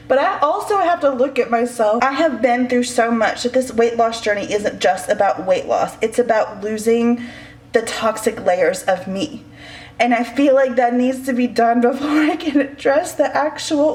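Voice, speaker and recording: A woman's voice: sits high, unhurried, a little mellow. Emotional woman vlogger in echoey room. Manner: emotional, candid, sighing. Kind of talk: personal vlog confession. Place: home, indoors.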